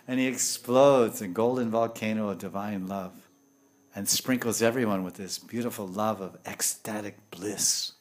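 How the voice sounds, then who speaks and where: A man giving a devotional lecture in English with Sanskrit and Hindi terms, telling lively stories and swinging from hushed tones to loud bursts. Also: mid-range voice, moderate pace. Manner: animated, acts out voices and laughter, swings from hushed to loud. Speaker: spiritual teacher.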